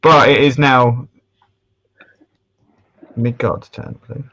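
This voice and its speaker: A man's voice: mid-range voice, fairly even intonation, slow pace, vocal fry, a bit bright. A man co-hosting a casual live stream, joking, swearing and laughing. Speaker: co-host. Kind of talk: casual group chat. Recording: dull lo-fi stream audio.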